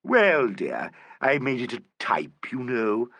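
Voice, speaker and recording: A man reading as a comfortable, gossipy old actress who talks in a jolly wheeze. The voice sounds breathy and bright, swinging up and down a lot, recorded close with no room sound. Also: mid-range voice, huge pitch swings, slow, dry recording, pitched above the performer's own voice, full character voice. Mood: cosy. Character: old, stout, cosy actress woman. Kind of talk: audiobook character voice.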